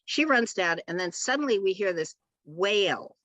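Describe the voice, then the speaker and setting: A woman author on a panel, telling a funny family story in an animated way and acting out the people in it. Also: medium pitch, measured pace. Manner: animated storyteller who acts out other people's voices. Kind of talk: comic personal anecdote.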